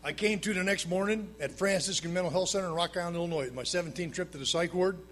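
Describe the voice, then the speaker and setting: Talking fast, a man shares his recovery story with a live audience at a meeting. He's plain-spoken and dry-humored, lurching between loud, emphatic bursts and hushed, low asides. There's a slight hiss or hum in the recording.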